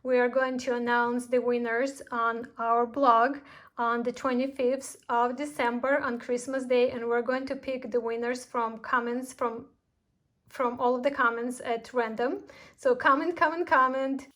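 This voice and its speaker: A woman's voice: a little high, flat delivery, a little slow, fairly bright tone. A woman who runs a craft shop, chatting casually to viewers with announcements and heartfelt thanks. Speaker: craft shop owner hosting a tutorial event. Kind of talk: casual tutorial sign-off and announcements.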